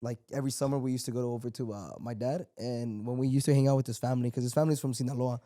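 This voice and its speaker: A man co-hosting a podcast, chatting in a quick, laid-back way and slipping Spanish into his English. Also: medium pitch, steady tone, dark tone. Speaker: podcast co-host. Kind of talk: casual podcast chat.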